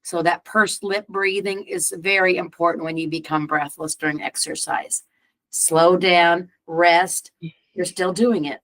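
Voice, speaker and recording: A woman co-hosting a health podcast, explaining breathing and recovery calmly. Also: fairly low pitch, a little slow. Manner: calm, explanatory. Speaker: podcast co-host. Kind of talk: casual advice chat.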